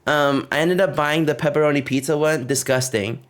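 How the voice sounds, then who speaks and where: A man's voice: fairly high pitch, steady tone, fairly quick. A young man streaming live, chatting casually and rambling with lots of fillers and frequent giggles. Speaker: livestreamer. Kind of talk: casual livestream chat.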